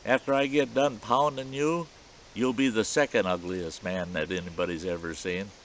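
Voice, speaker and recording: A man voicing a big gruff backcountry man who bellows threats, in a dull lo-fi recording. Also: lowish voice, steady tone, normal speed, fairly bright tone, slight background noise. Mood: threatening.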